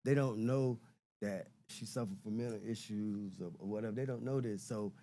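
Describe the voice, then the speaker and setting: Speaking at a moderate pace in a warm, lowish voice, a middle-aged man appears as a podcast guest. The conversation is casual and thoughtful, with repeated words whenever he gropes for phrasing.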